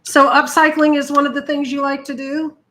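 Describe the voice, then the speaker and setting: A woman's voice: high voice, little pitch movement, a little fast, a bit bright. A middle-aged woman chatting casually while she crafts, often slipping into cooing baby talk with her dog. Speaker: art journaling vlogger.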